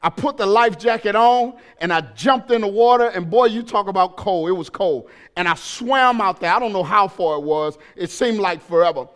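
A male pastor delivers his sermon in a strikingly high voice with a bright, sharp edge. He tells a story at an easy pace, then swells into loud, emphatic preaching. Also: moderate pace, few pauses, clear, resonant tone. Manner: storytelling that builds to shouted preaching.

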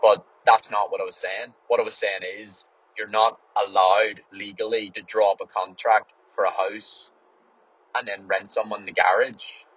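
Unhurried and fairly low, this Irishman's voice barely shifts in pitch, with a fairly bright tone and a breathy edge. A runner doing a solo podcast monologue, he chats loosely to listeners, cursing a lot and restarting as he goes. The lo-fi recording is dull and dry, without echo.

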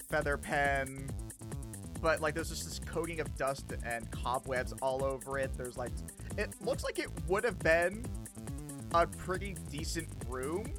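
A game master narrating a tabletop game, rambling with lots of fillers. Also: medium pitch.

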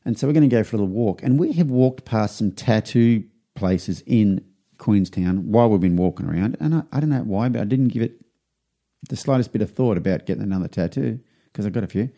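A middle-aged man hosting a podcast, telling a rambling anecdote and acting out what people said in a higher voice. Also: lively intonation, fairly quick, warm tone. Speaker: podcast host. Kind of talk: casual storytelling.

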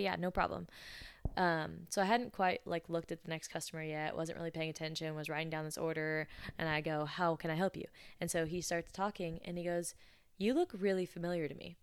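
Twenties woman podcasting, chatty storyteller, smooth voice, dry close sound. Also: sits low, no room sound. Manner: animated, breathy laughs, acts out dialogue. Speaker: podcast host. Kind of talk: casual storytelling.

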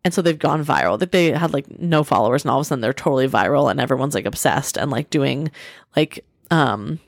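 A woman's voice: extremely low pitch, lively intonation, a little fast, gravelly, dry recording, clean studio sound. A woman in her thirties co-hosting a podcast, chatting casually and rambling with lots of filler words. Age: 30s. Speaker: podcast co-host. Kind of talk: casual chat.

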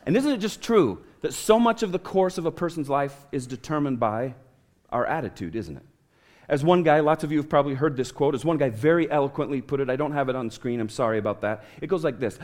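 A man's voice: on the high side, animated, fast talker, a little mellow. A man preaching a sermon as a pastor in a church, telling stories and asking the congregation for a show of hands.

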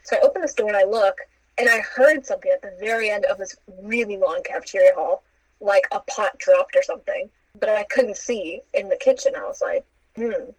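A young woman tells a story casually at a brisk clip, animatedly acting out quotes with playful asides and laughs. Her voice is mid-range, and the audio is poor, with no room sound.

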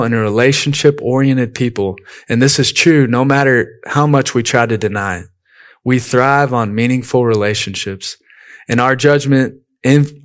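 A man delivering a sermon in an easygoing, conversational manner. He mixes scripture points with personal anecdotes and frequently drops in "you know". His voice sits at an ordinary middle pitch for a man. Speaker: preacher.

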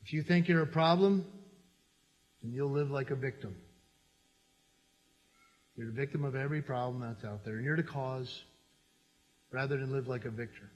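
Animated man preaching in an echoey hall. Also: medium pitch, moderate pace, pauses often, highs cut off. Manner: animated, conversational preaching with repetition. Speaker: pastor. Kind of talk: sermon.

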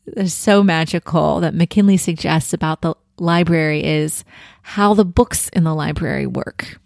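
A woman's voice: fairly low pitch, gravelly, a little mellow, dry recording, studio quality. A woman giving an enthusiastic, thoughtful book review in a casual talk, with some restarts.

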